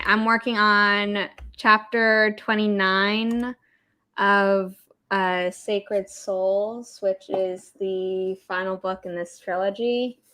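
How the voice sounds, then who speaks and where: A woman's voice: mid-range voice, bright, forceful tone. A young woman hosting a casual livestream writing session, chatting and answering viewer comments. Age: young adult. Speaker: livestream host, author.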